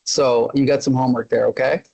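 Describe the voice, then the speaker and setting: A man's voice: medium pitch, fairly even intonation, fairly quick, gravelly, dark tone, muffled recording. A middle-aged man hosting a podcast, talking in an upbeat, casual way and steering the conversation. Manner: upbeat, keeps steering the talk. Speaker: podcast host. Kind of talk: casual chat.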